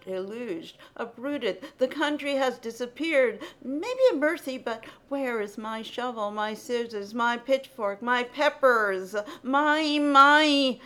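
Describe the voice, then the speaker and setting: A woman giving a dramatic poetry reading, incantatory, with sudden loud outbursts. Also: a little high.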